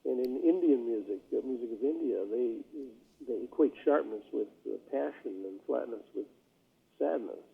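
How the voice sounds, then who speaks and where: An older man reminisces at an easy, wandering pace, full of fillers and restarts. His voice is gravelly and a bit husky. The sound comes through a thin, phone-like line. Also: medium pitch, lively intonation, normal speed. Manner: rambling storyteller with many fillers. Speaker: jazz bassist, guest. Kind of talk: casual interview talk.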